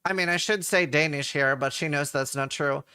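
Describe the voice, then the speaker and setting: A man's voice: a little high, moderate pace, bright, forceful tone, clean tone. A man from Norway, a game streamer, chatting casually and reading his chat aloud with offhand swearing.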